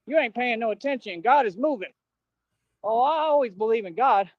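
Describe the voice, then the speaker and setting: A man with a high voice speaks defiantly in a replayed clip, using street slang and calling people bro. The sound is dull and muffled, yet dry and close. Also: animated, normal speed, no room sound. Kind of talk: clip played on a livestream.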